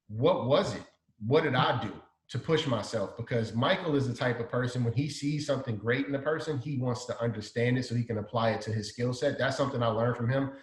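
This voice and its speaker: Animated Chicago-raised man in echoey room. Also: medium pitch. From South Side of Chicago. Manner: animated, acts out quoted dialogue. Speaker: guest, designer. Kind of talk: storytelling in an interview.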